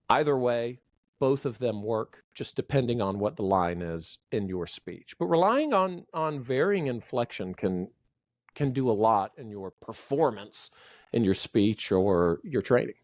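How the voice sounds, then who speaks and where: A man speaking as a trainer in a casual podcast conversation, showing off vocal inflection with big pitch swings. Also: lively intonation, moderate pace, no echo.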